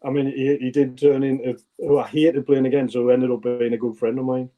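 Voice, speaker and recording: Ex-footballer guest, 40s, North East English accent, relaxed rambling storyteller. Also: male voice, mid-range voice, fairly quick, muffled recording. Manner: rambling anecdotal storyteller, many restarts. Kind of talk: casual interview chat.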